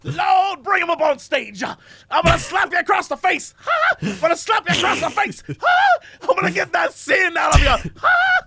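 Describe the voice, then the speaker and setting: A man's voice: very high-pitched, sing-song, normal speed, gravelly, pushed and bright, dry recording, raised voice, voice pushed up, exaggerated voice. A man voicing a fiery, sweating revival preacher who hollers and stammers between cries. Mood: fiery hollering.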